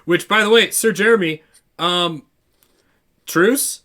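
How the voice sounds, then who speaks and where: Slow, bright-voiced man at game night. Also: high-pitched. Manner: playful, giving game updates. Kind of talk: casual chat while gaming.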